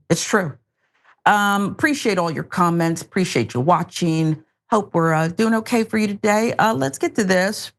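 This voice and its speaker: Playful woman hosting a live stream. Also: fairly low pitch. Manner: playful, laughing, teasing. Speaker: show host. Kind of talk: casual live-stream chat.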